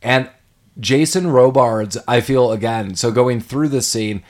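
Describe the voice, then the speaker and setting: A man's voice: mid-range voice, measured pace. A man and parent, casually chatting about a film as co-host, laughing often and loosely paraphrasing scenes. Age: adult parent. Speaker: podcast co-host.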